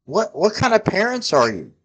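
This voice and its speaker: A man's voice: high-pitched, huge pitch swings, normal speed, fairly bright tone, slightly rough. A man in his forties ranting about politics, heated and profane, scolding his listeners. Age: 40s. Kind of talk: angry political rant to camera.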